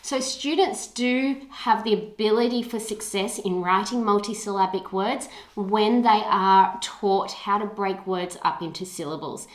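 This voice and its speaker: A woman with an Australian accent, narrating an instructional video about teaching reading and spelling in a clear, explanatory way. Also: mid-range voice, unhurried, few pauses, roomy sound.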